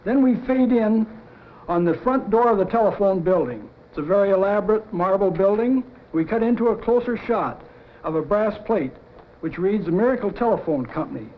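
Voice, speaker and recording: Pitching a cartoon storyboard, a middle-aged man with a high voice performs each sound effect with gusto, his intonation lively and his pace moderate. It sounds like dull, lo-fi 1950s television audio, carrying a faint underlying hiss.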